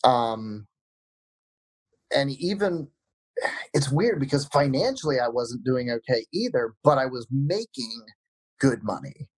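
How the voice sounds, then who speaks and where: A man, a musician being interviewed, answering in a reflective, measured way. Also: medium pitch, animated, husky, no room sound, poor audio. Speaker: musician guest.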